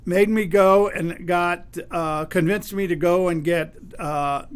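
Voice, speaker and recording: Man, radio host, high-pitched voice, halting storytelling. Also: fairly even intonation, clear, resonant tone. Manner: retells a phone call with quoted voices, many restarts and fillers.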